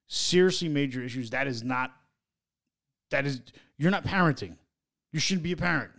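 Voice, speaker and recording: A man co-hosting a parenting podcast in casual chat, animated and quick to swear, often stammering through restarts. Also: medium pitch, creaky. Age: adult parent. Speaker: podcast co-host.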